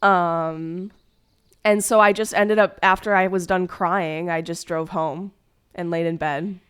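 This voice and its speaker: A woman's voice: lowish voice, fairly even intonation, unhurried, a bit bright, clean tone. A young woman streamer chatting casually, telling a hurt story in a rambling way, with many fillers and restarts.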